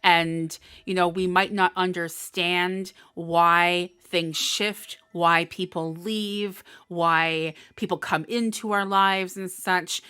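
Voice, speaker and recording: A woman's voice: fairly low pitch, pushed and bright, clear, resonant tone, dry recording, clean studio sound. A woman giving a live tarot horoscope reading, gushing and emotional, laughing often as she channels. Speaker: tarot reader.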